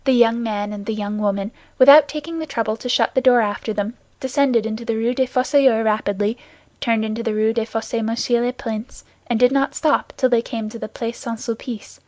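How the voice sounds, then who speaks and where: Woman, audiobook narration, slightly high voice, steady, dry close sound. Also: a little fast, no room sound.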